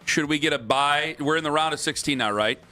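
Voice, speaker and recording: A man's voice: fairly high pitch, bright, forceful tone, faint music behind. A man hosting sports talk radio, teasing his co-hosts and cracking jokes in casual banter. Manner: teasing, joking, quick interruptions.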